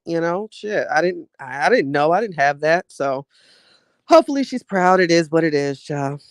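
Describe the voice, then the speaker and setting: Reading from the live chat, this woman podcaster speaks low with lively intonation at a moderate pace, in clean studio sound without echo. Her drawling, chatty talk is warm and heartfelt, sprinkled with "child" and "y'all."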